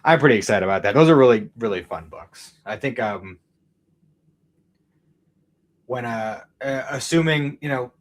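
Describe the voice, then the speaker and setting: A man's voice: medium pitch, animated, normal speed, long pauses. Chatty man co-hosting a podcast. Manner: chatty, rambling with many fillers. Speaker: podcast co-host. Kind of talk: casual chat.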